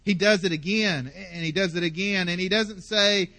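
A man's voice: sits high, moderate pace, pushed and bright. A man preaching a sermon as pastor, emphatic and passionate, stacking up repeated phrases.

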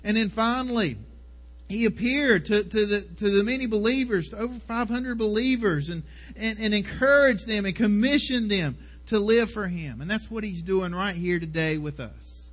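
A man's voice: high voice, normal speed, fairly bright tone. A man preaching earnestly, often repeating and restarting words. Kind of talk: sermon.

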